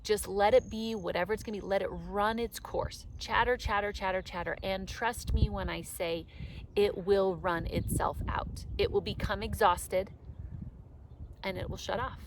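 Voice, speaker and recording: A woman's voice: medium pitch, fairly even intonation, moderate pace, background noise. A woman coaching her audience in a motivational talk, emphatic and repetitive, with casual swearing.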